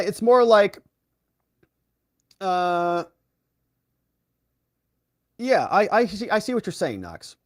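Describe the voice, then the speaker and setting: Live-stream host, man, higher voice, very animated delivery, reads chat and riffs, dry close sound. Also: no room sound. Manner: animated, reads viewer comments aloud and reacts. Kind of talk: casual live-stream commentary.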